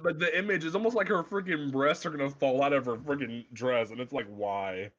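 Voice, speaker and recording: A man's voice: medium pitch, fairly quick, a bit bright, dull audio. A man casually chatting as a podcast co-host, rambling and exasperated, swearing freely. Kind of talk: casual chat.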